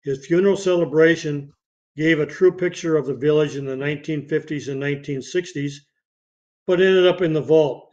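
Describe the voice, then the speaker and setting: A man hosting a podcast, reading obituaries with dates and film credits in a steady way, now and then slipping and starting a phrase again. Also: on the high side. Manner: reads dates and credits steadily, with occasional slips and restarts. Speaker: podcast host. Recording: dull lo-fi podcast audio.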